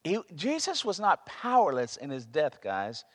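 A man's voice: on the high side, huge pitch swings, measured pace. A man preaching a sermon, emphatic and prone to repeating himself as he searches for words. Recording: long reverb of a large hall.

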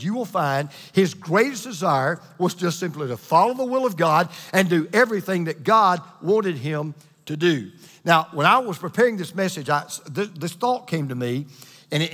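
A man preaching a sermon to a congregation, with an emphatic, repetitive cadence that slows down for key lines. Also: a little high, a bit bright, big-room sound. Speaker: pastor. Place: church hall with congregation.

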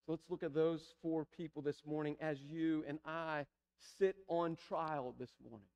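High-voiced preacher man, pleading. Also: steady tone, normal speed, a little mellow, clear, resonant tone. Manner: pleading, building to emphatic repetition. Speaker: pastor. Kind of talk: sermon. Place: church sanctuary.

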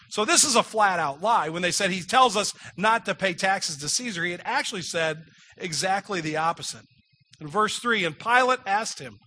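A man's voice: sits high, bright, forceful tone, a little hiss or hum. A man preaching a sermon in a conversational way, acting out the quoted lines with dramatic emphasis. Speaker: pastor.

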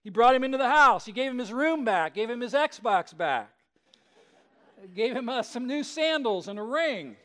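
A man preaching a sermon in a conversational storyteller's voice, pitched fairly high for a man. He keeps it animated and often turns to the listeners with questions. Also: moderate pace. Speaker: pastor.

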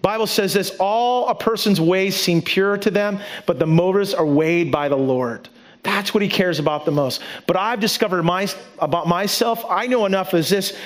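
A man with a high, light voice delivers a sermon. He speaks earnestly and repeats his key lines to drive them home. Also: normal speed. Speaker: pastor.

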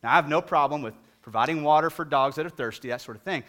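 A middle-aged male pastor preaching a sermon and telling a humorous story with animated delivery. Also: a little high, quick pace.

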